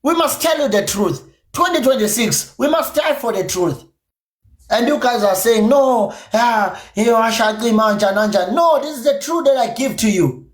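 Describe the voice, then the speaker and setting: A South African man with a Zulu-inflected accent, his native isiZulu tongue showing through. He hurls blunt, profane, repetitive jabs in a livestream rant, and his pitch leaps up and down wildly. The room around him rings with echo. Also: expressive, moderate pace. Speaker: podcast streamer. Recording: echoey room.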